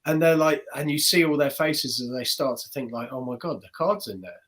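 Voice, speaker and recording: A guy on a podcast telling a long story about a gig, lively, keeps slipping into other people's voices, mid pitch. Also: brisk. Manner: animated, acts out the voices of people in his stories. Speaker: guest magician. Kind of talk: casual storytelling.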